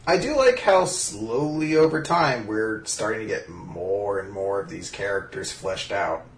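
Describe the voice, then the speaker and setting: A man joking his way through an anime chat on a podcast, with an animated, rising and falling pitch. His voice carries a noticeable room echo, and faint background noise sits underneath. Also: a little slow. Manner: joking, swears, trails off into hedged musings. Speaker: podcast co-host. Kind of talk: casual anime discussion.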